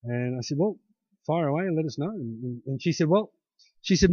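A middle-aged man preaching a sermon, his voice sitting a little high for a man. He talks in a chatty, storytelling way and lifts into emphatic peaks. The sound is dry and slightly dull. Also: animated, fairly quick, dark tone, breathy edge, dry recording. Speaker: pastor.

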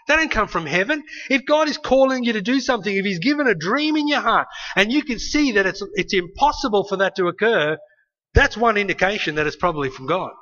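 A man preaching a sermon in a conversational, animated way, often ending points with a tag question. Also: high-pitched, dull audio.

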